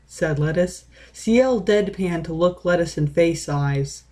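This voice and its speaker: Slow deadpan woman reading a story. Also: lowish voice. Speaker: reader. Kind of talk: reading a fan story aloud.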